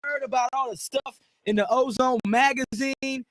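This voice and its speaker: A man's voice: very high-pitched, steady tone, normal speed, a bit bright, no echo, clean studio sound. A male radio host chatting casually with a caller, interjecting and pushing back.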